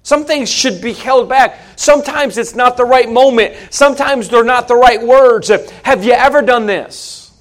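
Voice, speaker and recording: Folksy male preacher, unusually high-pitched, emphatic sermon delivery. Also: normal speed, hardly any pauses, a bit bright. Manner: folksy, emphatic, rhetorical questions.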